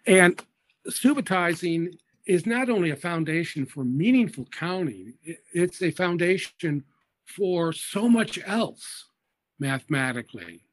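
A man's voice: sits high, big pitch swings, measured pace. A man being interviewed as an education expert, explaining methodically and patiently with small hesitations.

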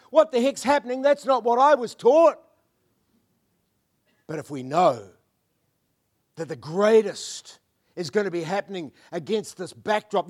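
Male preacher, high voice, fervent sermon, loud peaks and hushed murmurs. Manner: mimics churchgoers in asides.

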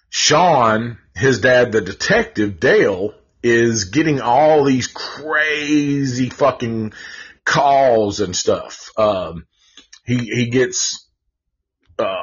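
A man's voice: medium pitch, a bit bright, slightly rough, dull audio. A man giving a casual live movie review, rambling and swearing freely, with lots of fillers and restarts.

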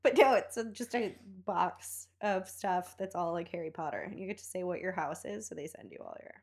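A woman's voice: fairly low pitch, lively intonation, fairly quick. A woman co-hosting a podcast who chimes in with wry, joking remarks and laughs often. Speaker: podcast co-host. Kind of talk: casual podcast banter.

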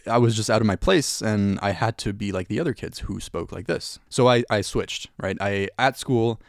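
A young man with a French accent, a guest talking haltingly in a casual radio interview, often restarting his sentences. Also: on the low side, vocal fry, no room sound, studio quality. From Italy. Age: young adult. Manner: halting, many restarts and fillers.

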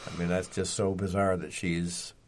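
A man's voice: low voice, flat delivery, normal speed, a little hiss or hum. A man co-hosting a podcast in casual chat, laid-back and hesitant. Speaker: podcast co-host.

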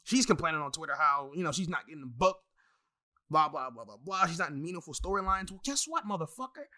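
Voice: medium pitch, fast talker, pushed and bright. A wrestling fan in a casual, profane rant full of exasperated asides and heavy swearing.

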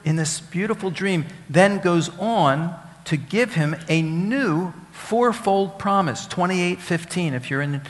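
A man's voice: sits high, takes it slowly, hardly any pauses. A man preaching a sermon as a rabbi, teaching Hebrew words, asking the congregation questions and repeating key phrases for emphasis. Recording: long hall reverb.

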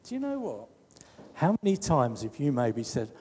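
Brief: man giving a chatty sermon, slow and lively in pitch, echoing hall. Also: slightly rough. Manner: conversational preaching with rhetorical questions. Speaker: preacher.

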